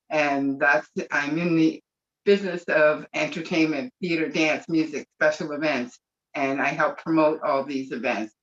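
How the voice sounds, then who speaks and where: A woman's voice: deep voice, a bit bright. A woman speaking on a video call, rambling and gushing with emotion. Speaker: webinar participant. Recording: dull lo-fi call audio.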